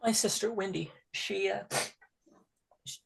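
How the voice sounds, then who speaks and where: A man voicing a timid, lonely teenage orphan girl who speaks haltingly and softly, often slipping into a whisper. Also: high voice, vocal fry, husky, exaggerated voice. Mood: pleading. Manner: hesitant, halting and soft-spoken, often whispering.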